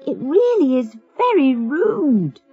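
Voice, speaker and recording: A woman's voice: high voice, very animated, takes it slowly, dry recording, voice pushed up, full character voice. Woman voicing a prim, reproachful young girl. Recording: muffled with faint music.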